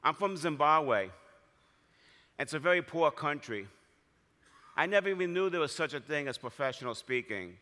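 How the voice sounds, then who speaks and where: A man's voice: fairly high pitch, animated, normal speed, pauses often, pushed and bright. A man voicing a grateful, earnest acquaintance who is overwhelmed with emotion, in a large hall with long reverb.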